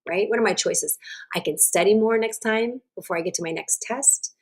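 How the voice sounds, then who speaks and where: A woman teaching self-regulation and guiding a slow breathing exercise, with a gentle, instructive manner. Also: mid-range voice, slightly rough. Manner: gentle, instructive, checks in with "right?". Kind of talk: guided breathing lesson. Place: online summit stream.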